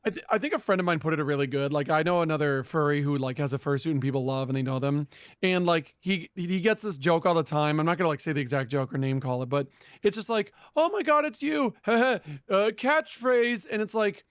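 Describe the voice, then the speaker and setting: A man's voice: on the high side, fast talker, clean tone, no echo, studio quality. A man co-hosting a casual podcast, reacting eagerly and joking along with the guest's story. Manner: upbeat, reacts eagerly, jokey. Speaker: podcast co-host. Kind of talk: casual chat.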